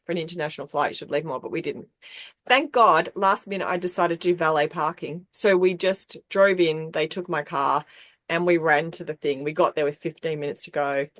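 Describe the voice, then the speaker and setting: A woman telling a story on a podcast, animated and acting out the people she quotes. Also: brisk, no echo. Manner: animated, acts out quoted people with big pitch jumps. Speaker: podcast co-host. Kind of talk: casual storytelling.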